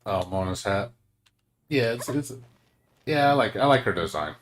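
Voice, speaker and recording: Ranting, swearing male game streamer, low voice. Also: animated, normal speed. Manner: ranting, swears a lot, lots of fillers. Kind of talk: casual chat while streaming a game.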